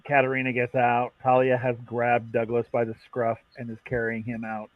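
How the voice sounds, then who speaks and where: A man's voice: medium pitch, moderate pace, dry recording. Give me a man narrating as game master, casual and loose, in a dull, dry recording. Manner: relaxed, with many fillers and laughs.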